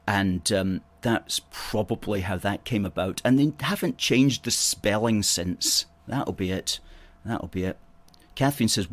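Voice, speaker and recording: A Scottish man hosts a livestream with a fairly low voice. He talks in a loose, opinionated ramble, stops to restart his sentences and answers viewer comments as they come in. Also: a little slow. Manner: opinionated, chatty, rambling with self-corrections. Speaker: host.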